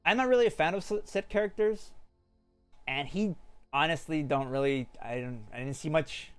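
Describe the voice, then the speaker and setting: A man reviewing anime in a casual, rambling monologue, full of fillers and restarts, his pitch swinging up and down as he talks. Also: normal speed, a bit bright, clean tone, faint music behind.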